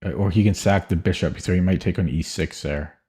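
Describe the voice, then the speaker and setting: A man's voice: low-pitched, brisk, darkish tone, breathy edge. A young man streaming chess, thinking aloud in a hesitant, muttering way with frequent self-corrections. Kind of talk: thinking aloud while solving puzzles.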